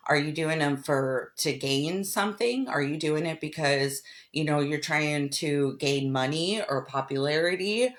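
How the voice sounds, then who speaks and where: A woman hosting a crafting livestream, talking loosely with many fillers and reading scripture aloud slowly. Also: deep voice. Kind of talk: casual devotional talk while crafting.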